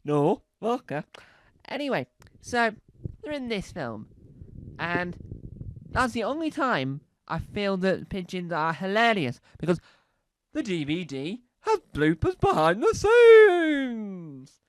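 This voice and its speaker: A man's voice: high voice, sing-song, slow. A man doing rambling, playful stand-up comedy, repeating words for laughs.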